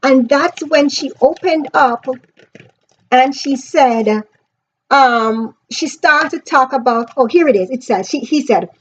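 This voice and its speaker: Earnest high-voiced woman reviewing a book. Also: slow, muffled recording. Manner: earnest, emphatic, talking straight to viewers. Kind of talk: casual book review vlog.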